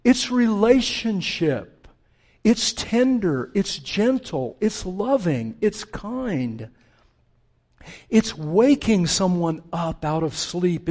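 A middle-aged male pastor preaching a sermon earnestly, dropping to a hush for tender quotes and rising with force to make his points. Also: high voice.

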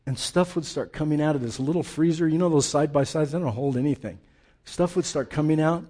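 A male pastor preaching a sermon, telling humorous family stories with lively, dramatic delivery. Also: on the high side. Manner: animated, humorous storytelling, dramatic slowdowns.

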